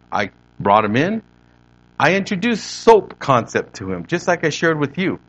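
A man's voice: fairly high pitch, sing-song, moderate pace, fairly bright tone, lo-fi sound. Storytelling male pastor preaching. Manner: conversational storytelling to a congregation. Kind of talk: sermon.

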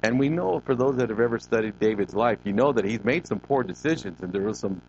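A man's voice: on the low side, animated, quick pace, a little mellow. A male pastor preaching a sermon, building to emphatic rises and stretching out key words. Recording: dull lo-fi recording with faint noise.

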